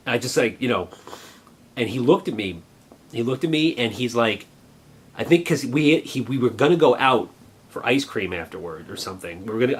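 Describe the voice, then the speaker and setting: A man in his forties earnestly recalling a childhood memory in a halting, reflective way. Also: mid-range voice, husky. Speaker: vlogger. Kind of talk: personal reminiscence.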